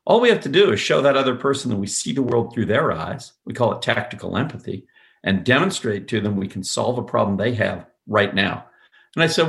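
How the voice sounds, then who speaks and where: A man's voice: on the low side, animated, quick pace, vocal fry, fairly bright tone. A man talking as a podcast guest, telling stories emphatically and acting out quoted dialogue. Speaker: podcast guest, sales executive. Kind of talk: podcast interview.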